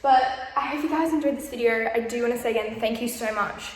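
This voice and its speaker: Bubbly young Australian woman, high voice. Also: fast talker, a little hiss or hum. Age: young adult. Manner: chatty, bubbly, peppered with "like". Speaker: vlogger. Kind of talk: casual house-tour vlog. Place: empty house, indoors, walking room to room. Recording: echoey bare rooms.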